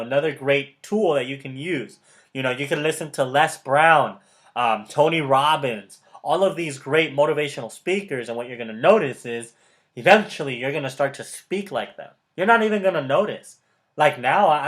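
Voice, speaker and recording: A man coaching a friend in a loose, motivational chat, his voice sitting a touch high. He is emphatic and repetitive, drops in quick laughs and keeps calling the listener man or bro. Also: a bit bright. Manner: enthusiastic and emphatic, repeats key words; laughs often mid-sentence. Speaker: motivational mentor.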